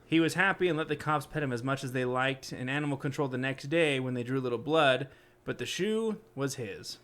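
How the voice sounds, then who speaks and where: A man's voice: mid-range voice, steady tone, fast, a bit bright. A man with a mid-range voice reads creepy stories aloud on a casual podcast. He keeps breaking off to react with blunt, joking asides. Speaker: podcast co-host reading stories.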